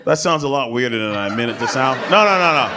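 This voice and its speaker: A man doing crude live stand-up comedy on a club stage, swinging between shouted bits and low asides to the audience. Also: lively intonation, fast. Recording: live club recording with loud crowd laughter. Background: audience laughter.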